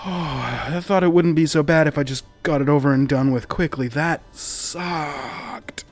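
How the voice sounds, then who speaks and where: A woman's voice: deep voice, measured pace, darkish tone, soft background music, pitched above the performer's own voice. A man voicing a young woman who shrieks and gasps in pain, flustered by her own wound. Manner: shrieking, gasping.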